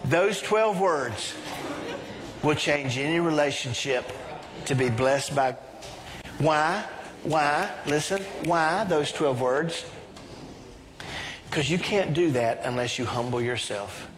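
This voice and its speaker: A middle-aged man preaching a sermon as pastor, leading his congregation in call-and-response and breaking into excited exclamations. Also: fairly high pitch, slow, long pauses. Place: church sanctuary. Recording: reverberant church hall with faint ambience.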